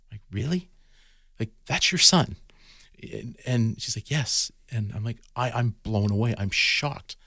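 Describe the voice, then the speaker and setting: In a fairly low, gravelly voice, recorded at studio quality with no room sound, a man who teaches gardening chats as a podcast guest, his stories peppered with fillers and false starts.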